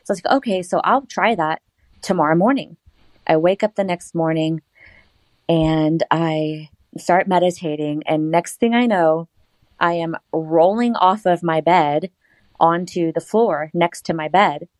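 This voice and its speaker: A woman guest tells a long personal story in an interview, her voice on the low side for a woman. She laughs often and acts out her own past words as she goes. The sound is dry and close. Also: a little slow, darkish tone, no echo, poor audio.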